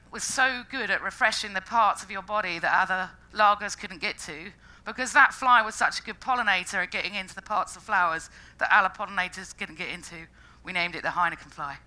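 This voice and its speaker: A woman giving a lively, jokey public science talk, acting out funny quoted voices along the way. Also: mid-range voice, low-quality recording. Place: lecture stage before an audience.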